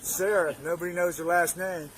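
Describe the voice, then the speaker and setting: A man's voice: sits high, fairly even intonation, normal speed, a crowd in the background, poor audio. A man outdoors, agitatedly retelling events to police, swearing and stumbling over his words. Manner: agitated, profane, stumbling restarts. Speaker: witness. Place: outdoors on a street. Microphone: officer's bodycam.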